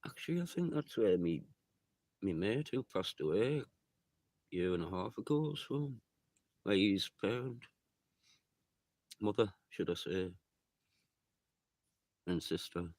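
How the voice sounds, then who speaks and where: A man's voice: fairly low pitch, very animated, unhurried, long pauses, darkish tone, dry recording. A man chatting loosely with his viewers on a livestream, swearing often and rambling from thought to thought. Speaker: livestreamer reading viewer chat. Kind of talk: rambling casual live chat.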